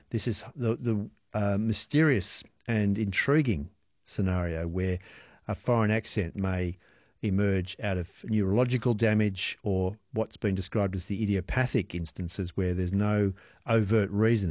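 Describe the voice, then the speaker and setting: A man hosting a radio interview, asking measured, curious questions into a studio microphone. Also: on the low side, a little mellow, no echo. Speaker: radio host.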